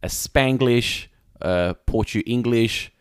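A man co-hosting a podcast in casual chat, animated and laughing often, with many fillers. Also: medium pitch, takes it slowly, clear, resonant tone, no echo, clean studio sound. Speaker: podcast co-host.

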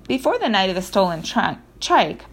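A woman narrating a children's audiobook in the first person, in a lively storytelling manner with occasional self-corrections. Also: medium pitch, moderate pace.

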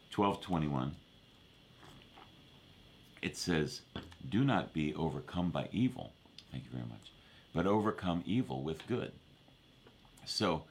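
Pastor guy with a super deep voice, chatty rambling sermon, faint room hum behind. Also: creaky. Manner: conversational, rambling with many restarts and asides.

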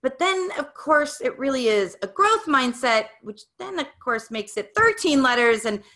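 A woman's voice: sits high, big pitch swings, normal speed, bright, forceful tone. A middle-aged woman giving an upbeat, encouraging motivational talk, coaching the listener. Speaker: speaker on growth mindset.

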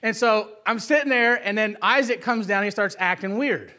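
High, bright-voiced man telling a story. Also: brisk. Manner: animated storyteller, often asks "right?". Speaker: father telling a family story. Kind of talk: casual personal anecdote.

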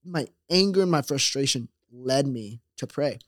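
A young man telling a personal story in a casual, animated way, acting out voices and laughing often. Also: medium pitch, moderate pace, no echo, clean studio sound. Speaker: guest telling his story.

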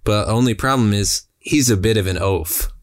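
A young man calmly tossing out ideas for a comic story in casual chat. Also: fairly low pitch, normal speed, no room sound.

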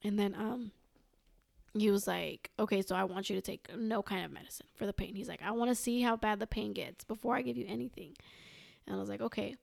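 A woman's voice: mid-range voice, steady tone, a little fast, gravelly, darkish tone, dry recording, clean studio sound. A young woman, a podcast guest, telling a long personal story in casual chat, quoting herself and others again and again. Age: young adult. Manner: rambling, quotes herself and others with "I was like".

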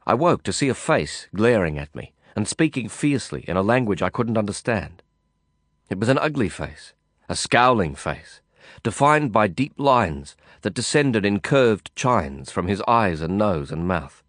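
Low-voiced man narrating a brooding novel. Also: big pitch swings, a little slow, fairly bright tone, no echo, clean studio sound. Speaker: audiobook narrator. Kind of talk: first-person novel narration.

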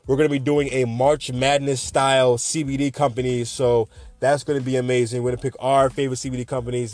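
A man's voice: mid-range voice, darkish tone, no echo. A man in his twenties hosting a podcast, rambling through a late-night rant in a jokey, sarcastic way. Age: 20s. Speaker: podcast host.

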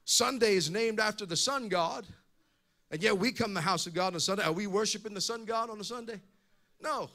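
A man's voice: high-pitched, brisk, pushed and bright. A male pastor preaching a sermon in an impassioned way, often repeating words as he goes.

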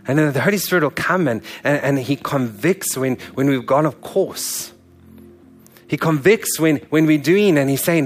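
A man's voice: on the high side, moderate pace, faint music behind. A male pastor giving a sermon in a candid, conversational, earnest way.

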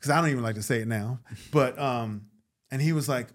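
Speaking briskly in a mid-range voice, this New York man, an actor and comedian, spins a casual story as a guest. He does lively impressions of the characters' voices and curses without restraint.

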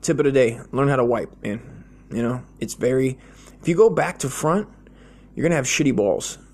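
A man's voice: mid-range voice, animated, moderate pace, a little mellow. An American man giving a rambling, profane comedic monologue, blunt and crude, peppering his talk with slang like "dude". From United States.

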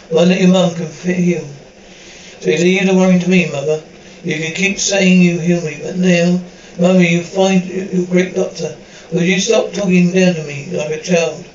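A man with a notably high voice performs a horror audio drama. He switches dramatically from one character's voice to the next. The recording sounds dull and lo-fi, with faint hiss underneath. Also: roomy sound.

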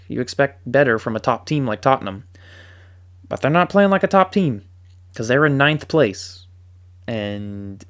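Animated, joking male football fan. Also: medium pitch. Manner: animated and joking, with dry sarcasm. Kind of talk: casual sports commentary.

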